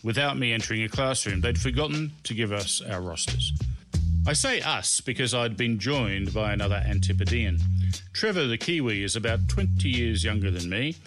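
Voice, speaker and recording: A middle-aged man narrates his own comic memoir in a lowish voice. His delivery bounces through a wide, lively pitch range, and his humour is dry and self-mocking. Music plays clearly beneath the reading. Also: moderate pace. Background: background music.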